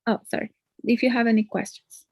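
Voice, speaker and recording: A woman's voice: fairly high pitch, fairly even intonation, a little fast, a little mellow, no room sound. A woman teaching English one-on-one. She explains patiently and often ends points with a questioning "no?". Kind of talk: one-on-one online lesson.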